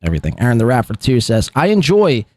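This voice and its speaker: Rambling male podcast host, lively pitch. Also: quick pace. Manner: rambling and laughing, many fillers. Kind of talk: live podcast commentary on clips.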